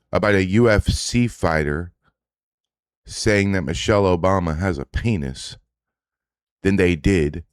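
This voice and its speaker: Profane, rambling man with a low voice. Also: dry recording, studio quality. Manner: profane, rambling, indignant asides. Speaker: streamer host reacting to social media posts. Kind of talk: casual livestream reaction commentary.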